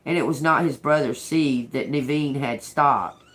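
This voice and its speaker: A woman's voice: very deep voice, a little slow, a bit bright. A woman tarot reader reading a book aloud to viewers and chatting loosely, laughing often and talking to her pet bird. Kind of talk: casual reading and chat to viewers.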